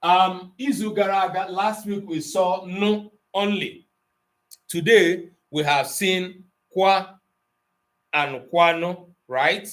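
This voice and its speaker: A man's voice: high voice, fairly even intonation, slow, a bit bright. A man teaching an online language class, patiently explaining grammar and moving between Igbo and English.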